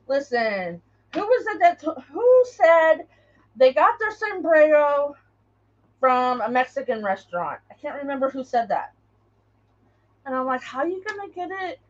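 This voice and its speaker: A woman's voice: sits high, muffled recording. A woman hosting a craft livestream, chatting in a rambling way and greeting viewers by name as she works. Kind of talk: casual live chat while crafting.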